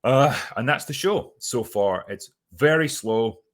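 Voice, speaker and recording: A man's voice: mid-range voice, lively intonation, measured pace. A man hosting a casual spoken review, sardonic and profane, with plenty of ums and uhs. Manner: sardonic and profane, with many fillers. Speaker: host reviewing a TV series.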